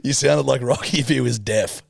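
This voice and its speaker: A man's voice: mid-range voice, moderate pace, gravelly, a little hiss or hum. Teasing man hosting a podcast. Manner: teasing, playful, laughs often. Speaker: podcast host. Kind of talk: casual chat.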